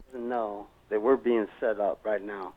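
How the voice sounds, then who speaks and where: A man's voice: fairly low pitch, steady tone, unhurried. A drunk man calling into a radio show, slurring and repeating the same words. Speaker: radio caller. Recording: dull lo-fi radio call.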